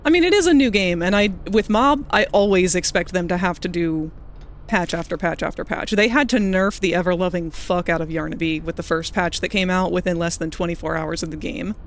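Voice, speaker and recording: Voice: medium pitch, brisk. A streamer giving casual live commentary while playing, swearing now and then and picking apart game bugs in technical terms.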